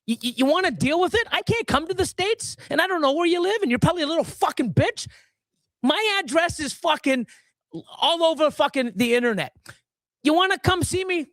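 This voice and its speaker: A man's voice: very high-pitched, expressive, a little fast, fairly bright tone, dry recording. A man co-hosting a livestream who rants furiously, swears constantly and stammers through restarts. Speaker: livestream co-host. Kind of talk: heated livestream rant.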